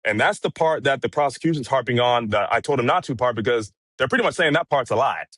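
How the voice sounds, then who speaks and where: A man giving a casual, measured account of a day in court, recounting events with frequent fillers. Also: mid-range voice, lively intonation, fairly bright tone, no room sound. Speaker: courtroom correspondent. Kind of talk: casual commentary chat.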